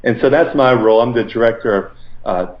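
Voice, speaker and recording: Guy on a podcast telling a story, earnest, lots of "you know"s, middle pitch, kinda echoey and a bit dull. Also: fairly quick, slight background noise. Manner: earnest, animated retelling with many fillers. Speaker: podcast guest. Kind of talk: conversational interview storytelling. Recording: roomy, slightly dull recording.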